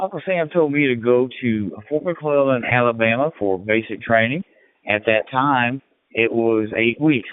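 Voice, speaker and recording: A man's voice: medium pitch, clear, resonant tone, no echo. Folksy older man over tinny radio. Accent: slight Southern twang. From Illinois. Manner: rambling, folksy storyteller with many fillers. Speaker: ham radio operator. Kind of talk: casual radio chat.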